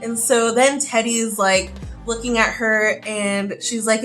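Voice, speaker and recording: A woman's voice: on the high side, fairly even intonation, slow, fairly bright tone, soft background music. A woman beauty vlogger chatting casually through a get-ready-with-me video, talking in a loose, chatty way full of "like" fillers. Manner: chatty, heavy use of "like" fillers.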